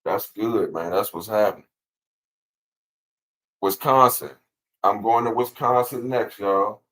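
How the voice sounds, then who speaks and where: A man whose voice is on the low side and a bit bright speaks slowly over poor-quality audio. Hosting a casual livestream, he reads legal passages aloud and replies to chat comments in an easygoing way, with lots of repeated words.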